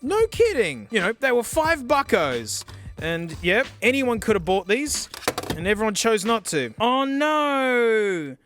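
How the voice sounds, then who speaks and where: A young man with a bright, sharp voice chats to camera in a loose, slangy way. He swings between low mutters and excited shouts while trying out gadgets, with faint music underneath. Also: slow pace. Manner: excitable, slangy, yells and groans while testing gear. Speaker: tech reviewer. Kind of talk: casual vlog chat.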